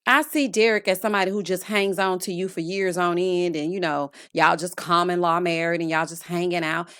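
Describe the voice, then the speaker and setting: A woman in her late thirties giving a sassy, animated recap of a reality TV episode, full of scolding asides and endearments. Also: lowish voice, fairly quick, smooth, dry recording, studio quality. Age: late 30s. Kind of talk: casual recap commentary.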